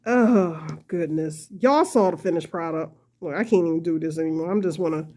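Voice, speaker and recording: A woman's voice: fairly low pitch, normal speed, dark tone, a little hiss or hum. A woman hosting a casual crochet tutorial, chatty and self-deprecating, often laughing and talking straight to her viewers. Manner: addresses viewers as y'all. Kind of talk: casual talk-through tutorial.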